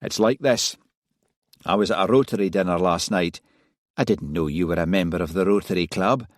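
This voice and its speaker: A man's voice: low-pitched, moderate pace, dry recording, clean studio sound, natural voice. A man reading aloud, voicing a wry, gossipy Scottish detective inspector who likes his whisky. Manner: chatty, gossipy storytelling.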